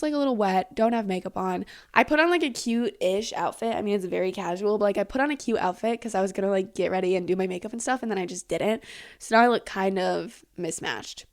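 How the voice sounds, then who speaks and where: A woman in her late teens hosting a casual solo podcast, talking in a candid, rambling way with lots of swearing and "like". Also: mid-range voice. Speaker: podcast host.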